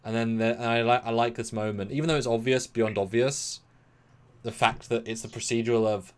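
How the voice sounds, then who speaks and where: A British man co-hosting a casual episode review, animated, acting out quotes and swinging between loud and soft. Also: medium pitch, fairly quick, clean tone. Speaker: podcast co-host.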